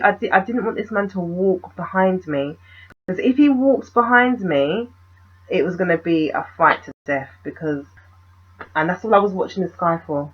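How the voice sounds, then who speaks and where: A woman telling a personal story in a vlog, animated and full of rhetorical questions. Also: lowish voice, normal speed, breathy edge, dull audio. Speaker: vlogger.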